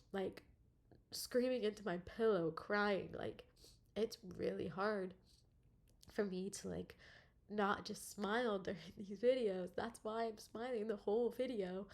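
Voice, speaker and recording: A young woman talks straight to camera in a personal video diary. She is close to tears but keeps laughing nervously between her words. Her voice sits at an ordinary, middling pitch and is full of ums and likes. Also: a little mellow. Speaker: vlogger.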